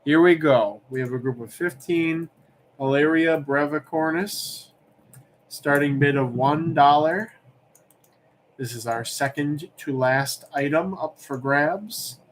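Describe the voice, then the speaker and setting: A man's voice: on the high side, takes it slowly, a little hiss or hum. A young man hosting a livestream auction, chatting casually and rambling as he reads comments aloud.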